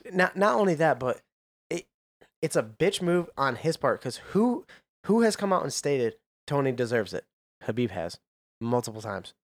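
A man co-hosting a sports podcast who talks in an animated, rambling way and often retells what others have said. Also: medium pitch, moderate pace, no room sound. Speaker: podcast co-host. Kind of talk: casual sports chat.

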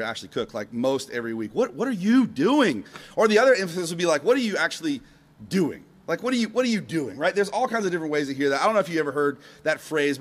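Man, pastor, middle-aged, slightly high voice, casual live sermon, chatty with fillers. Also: fairly bright tone. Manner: casual and upbeat, with many fillers and asides. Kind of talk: conversational sermon. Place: church service before a live congregation.

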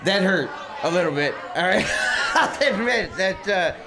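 A man's voice: high-pitched, expressive, unhurried, a crowd in the background, noisy background. A man playing a rattled stand-up comic. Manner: rambling, laughing through his words. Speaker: stand-up comedian. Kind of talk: stand-up set on stage.

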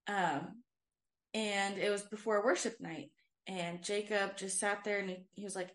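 A woman's voice: medium pitch, fairly even intonation, measured pace. A young woman co-hosting a casual faith podcast, telling a personal story in an earnest, rambling way full of "like" and "um". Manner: earnest, filler-heavy storytelling with frequent "like". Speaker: podcast co-host and worship leader. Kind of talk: casual chat, personal testimony.

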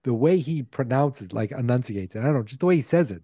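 A man co-hosting a podcast, chiming in with short agreements and halting remarks about a film. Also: mid-range voice, animated, mellow, breathy edge, dry recording, studio quality. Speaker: podcast co-host. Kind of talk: casual film chat.

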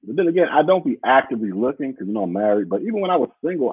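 Man, podcast host, casual livestream chat, rambling and blunt, husky voice, tinny phone-like sound. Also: a little high, very animated, rapid-fire, no echo. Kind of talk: casual livestream chat reading viewer comments. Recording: muffled phone-like audio.

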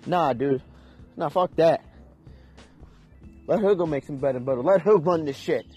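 A man's voice: a little high, moderate pace, a little mellow, slightly rough, dull audio, soft background music. A young man ranting in an unscripted, heated and profane way, with emphatic delivery. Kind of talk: unscripted rant.

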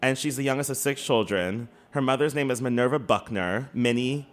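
A man co-hosting a casual podcast chat, animated and swearing, with lots of fillers and laughs. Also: medium pitch, a little fast. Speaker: podcast co-host.

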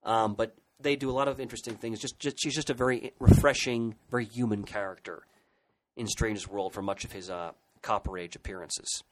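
A man's voice: on the low side, steady tone, fairly quick, slight background noise, low-quality recording. A man co-hosting a podcast, chatting enthusiastically about comic book history with frequent restarts. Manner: enthusiastic, hesitant restarts and fillers. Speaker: podcast co-host. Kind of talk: casual podcast discussion.

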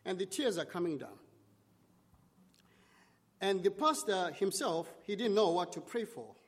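A man's voice: high-pitched, sing-song, measured pace, long reverb tail. A man preaching a sermon, telling a story in short, dramatic phrases.

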